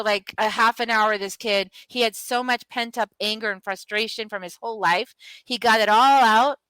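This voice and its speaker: Impassioned bright-voiced woman healer. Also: on the high side, moderate pace, clean tone, dry recording, rough recording. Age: middle-aged. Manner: emphatic, impassioned, repetitive for emphasis. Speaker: guest, healer and author. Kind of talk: passionate interview storytelling.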